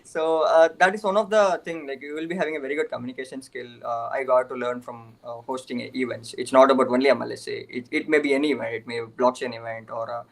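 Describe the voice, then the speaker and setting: A man's voice: mid-range voice, steady tone, fast talker, hardly any pauses, low-quality recording. A young man, a student guest in an interview, answering casually with many fillers and frequent chuckles.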